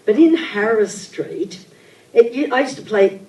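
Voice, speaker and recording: An older woman, telling childhood stories in an animated, theatrical way at a live on-stage interview. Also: on the high side, unhurried. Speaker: interview guest. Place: event venue with audience. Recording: echoey hall, mic at a distance.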